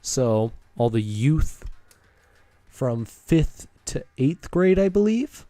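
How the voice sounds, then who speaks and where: Brief: teen male streamer, casual meandering storyteller, warm low-key tone, mid pitch. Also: big pitch swings, takes it slowly, no room sound, faint music behind. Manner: rambling, with many fillers and asides.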